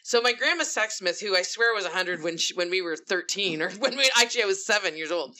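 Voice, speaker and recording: A woman's voice: mid-range voice, lively intonation, fast, sharp tone. A woman on a podcast telling funny childhood stories in casual chat, swearing and laughing as she goes. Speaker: podcast co-host.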